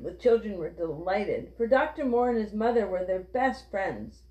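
A woman reading a children's book aloud with clear, steady storytelling. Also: mid-range voice, normal speed. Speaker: reader. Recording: roomy, dull lo-fi.

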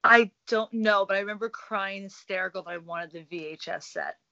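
A woman's voice: medium pitch, a little fast, creaky, no room sound. A woman in her thirties chatting casually as a podcast co-host, acting out quotes as she tells stories. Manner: animated storyteller, acts out quotes. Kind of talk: casual chat. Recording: dull lo-fi audio.

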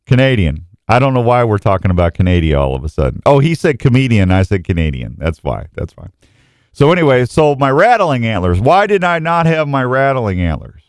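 A man's voice: medium pitch, very animated, fairly quick, clear, resonant tone, no echo, studio quality. A middle-aged man hosting a casual morning radio show, rambling and self-mocking with lots of restarts and jokes. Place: radio station studio.

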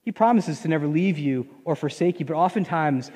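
A man's voice: on the high side, expressive, fairly quick, a little mellow, long reverb tail. A man preaching a sermon as pastor, conversational, with frequent restarts and acted inner voices.

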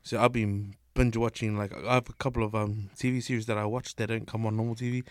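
A man's voice: on the low side, level tone, fast, no room sound. A man, co-hosting a casual podcast chat in laid-back slang. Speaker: podcast co-host.

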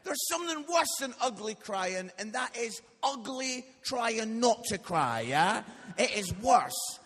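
High, husky Scottish preacher in reverberant hall. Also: male voice, very animated, takes it slowly, a bit bright. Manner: jokey, tags lines with "yeah?", acts out quotes. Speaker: guest preacher. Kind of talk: humorous storytelling sermon. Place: church hall, live audience. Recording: live church hall with long reverb.

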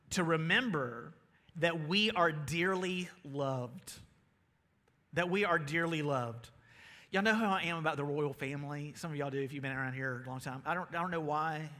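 A man with a Southern US accent preaching a sermon as pastor, energetic and calling out to his congregation. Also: on the high side. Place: church sanctuary. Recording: long reverb of a large hall.

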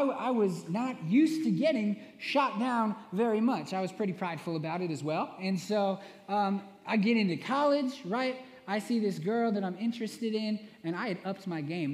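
A young man preaching a sermon, telling playful self-mocking stories and often asking "right?". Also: sits high. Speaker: worship minister preaching. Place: church sanctuary. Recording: echoey long hall reverb.

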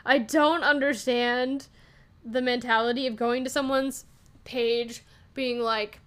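A woman's voice: sits high, normal speed. A young woman hosting a podcast, talking casually and venting about online comments, with frequent laughs. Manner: animated, venting, laughs often. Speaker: podcast host. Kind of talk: casual solo podcast talk.

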